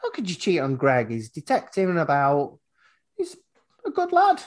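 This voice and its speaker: A man's voice: fairly high pitch, huge pitch swings, moderate pace. A man hosting a podcast, recapping a horror film in rambling, wry casual chat and swearing freely. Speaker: podcast host.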